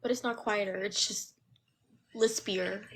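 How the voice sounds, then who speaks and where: A soft-spoken woman on a group livestream, making dry remarks in casual chat. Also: medium pitch, husky. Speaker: livestream guest.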